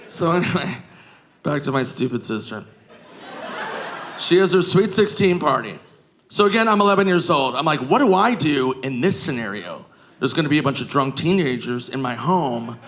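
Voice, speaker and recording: A man doing a stand-up comedy set on a club stage, jumping into shrieking high voices when he acts out drunk women. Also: expressive, normal speed, a bit bright, a little hiss or hum. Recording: live club recording with crowd laughter.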